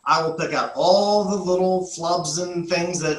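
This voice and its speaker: A man's voice: sits high, unhurried, fairly bright tone. Upbeat male instructor in an echoey room. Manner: upbeat, conversational, with filler "uh"s. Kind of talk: class for real estate agents.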